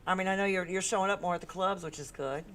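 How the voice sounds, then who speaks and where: A woman hosting a casual talk show, telling stories with lots of laughter in a worn, raspy voice. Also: fairly low pitch, quick pace. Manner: animated storyteller, laughs often. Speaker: podcast host. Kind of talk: casual chat.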